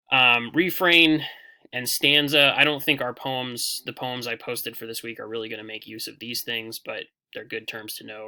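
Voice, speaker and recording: Male teacher, poetry lecture, very bright tone, gravelly edge, loose and relaxed. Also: on the low side. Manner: relaxed explaining with frequent fillers and restarts. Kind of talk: recorded poetry lecture over slides.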